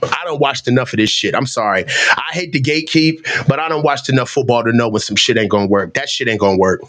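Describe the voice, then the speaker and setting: A man giving live, profane fan commentary on a football game, ranting in exasperation and shouting when excited. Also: medium pitch, fast. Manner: profane, exasperated, rants and mocks the coach.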